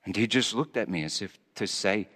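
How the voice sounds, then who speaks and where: A man with a lowish, slightly bright, brisk voice plays Pontius Pilate as a conflicted Roman governor in a church hall, where a long reverb tail trails his words. In character and brooding, he gives a stammering, confessional monologue.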